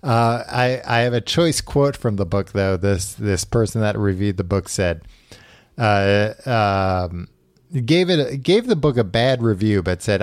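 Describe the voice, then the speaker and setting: A man's voice: fairly low pitch, a little slow, no echo, studio quality. A man hosting a podcast, recapping a book in casual chat with a wry storytelling manner. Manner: wry, storytelling with acted quotes. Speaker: podcast host.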